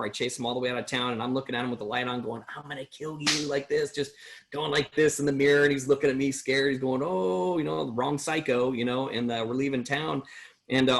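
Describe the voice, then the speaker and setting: A middle-aged American man tells his personal recovery story at a workshop, earnest and rambling, with many restarts. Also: medium pitch.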